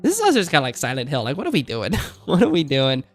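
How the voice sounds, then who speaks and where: A man's voice: fairly high pitch, huge pitch swings, quick pace, dry recording, faint music behind. A young man ranting in exasperated let's play commentary while hosting his gaming channel, repeating phrases and calling everyone dude.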